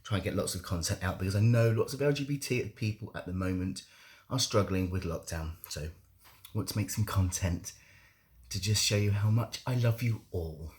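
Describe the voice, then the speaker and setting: Young man, casual vlog talk, candid and joking, slightly low voice. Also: normal speed, husky. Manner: chatty and candid, jokes about himself. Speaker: vlogger.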